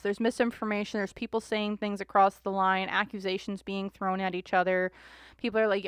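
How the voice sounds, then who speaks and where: A woman's voice: mid-range voice, vocal fry, clear, resonant tone, dry recording, studio quality. A young woman, reading tarot cards casually to camera and acting out imagined quotes with casual swearing. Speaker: tarot reader.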